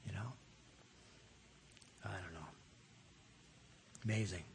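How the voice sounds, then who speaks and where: A man preaching a sermon, folksy and animated, with repeated words and frequent chuckles. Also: deep voice, slow pace, vocal fry, slightly rough.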